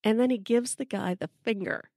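A woman's voice: fairly high pitch, moderate pace, darkish tone, dry recording. Dry-voiced middle-aged american lady telling a funny story, swears a bit. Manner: wry, profane, conversational. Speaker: storyteller host. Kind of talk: personal storytelling.

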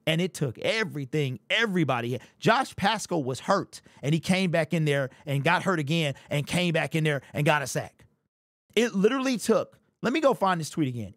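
A man's voice: on the high side, dry recording, clean studio sound. A man hosting a fan commentary channel, talking in an amped, emphatic way and repeating his points. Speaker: sports channel host.

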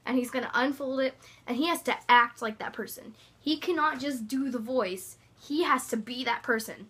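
A woman's voice: on the high side, bright, forceful tone. A young woman vlogging casually, playful and bossy, giggling between lines. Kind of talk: casual comedy vlog.

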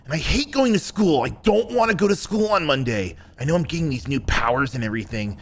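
A man's voice: on the high side, lively intonation, fairly quick, slight background noise. A man voicing a sulky, defiant teenage superhero boy who complains and whines. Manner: whiny, complaining, petulant.

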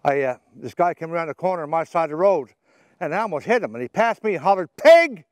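A man with a Newfoundland accent, a comedian telling deadpan jokes and bantering while fishing from a boat outdoors. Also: a little high, quick pace, no room sound. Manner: deadpan storytelling, playful banter. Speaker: comedian guest.

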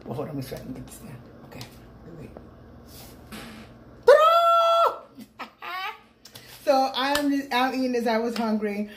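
A woman's voice: on the high side, very animated, fast talker. Chatty middle-aged woman vlogging at home. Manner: rambling and chatty, calls viewers "people". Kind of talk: casual mukbang vlog chat. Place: room at home. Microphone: phone with small clip-on mic. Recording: echoey room, faint background hum.

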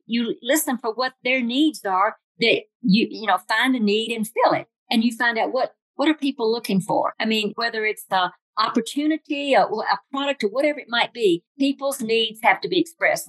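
A woman's voice: on the high side, a bit bright, dry recording, rough recording. An older woman with a Southern accent from Tennessee, giving a folksy, humorous motivational talk full of stories and acted-out quotes. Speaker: motivational speaker.

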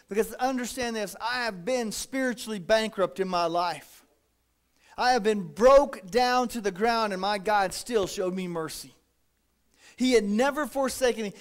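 A man preaching a folksy, animated sermon as pastor, acting out little quotes. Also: sits high.

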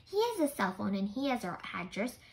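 A woman's voice: mid-range voice, big pitch swings, a little fast, rough recording. A woman reading aloud, voicing a clever, observant young girl detective in a children's storybook. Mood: thoughtful.

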